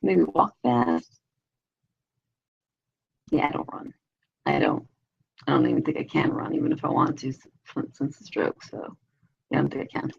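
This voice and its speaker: A woman's voice: extremely low pitch, huge pitch swings, normal speed, vocal fry, pauses often, slightly rough. A middle-aged woman hosting a live stream, chatting in a slangy, rambling way with lots of fillers and casual swearing. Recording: dull lo-fi live-stream audio.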